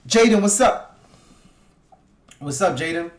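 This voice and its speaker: A man's voice: fairly high pitch, lively intonation, takes it slowly. A man hosting a casual livestream, talking loosely and profanely with his viewers and hyping them up. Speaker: livestream host. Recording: echoey room.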